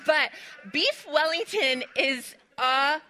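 A woman's voice: high-pitched, animated, takes it slowly. A middle-aged woman pastor giving a sermon in a church, chatty and laughing often as she tells a personal story. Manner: chatty and warm, laughs often, gets emotional. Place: church sanctuary.

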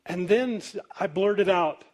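A man's voice: high voice, measured pace, darkish tone. A man preaching a sermon as pastor, telling stories in a loose, conversational way with easy laughter. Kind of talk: sermon storytelling.

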